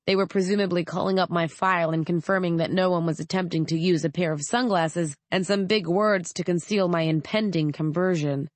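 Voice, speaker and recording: Low-voiced woman narrating an audiobook. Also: steady tone, brisk, hardly any pauses, no echo. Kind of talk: first-person audiobook narration.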